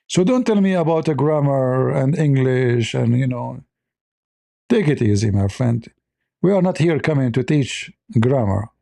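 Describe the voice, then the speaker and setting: A man's voice: mid-range voice, gravelly, mellow. A man hosting a live commentary show, blunt and sarcastic, speaking in broken English grammar. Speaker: host.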